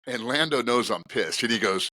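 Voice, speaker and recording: Forceful, animated middle-aged man telling stories. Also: normal speed, no room sound. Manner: animated, profane, swinging pitch while telling a story. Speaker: guest, retired police officer. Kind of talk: casual podcast storytelling.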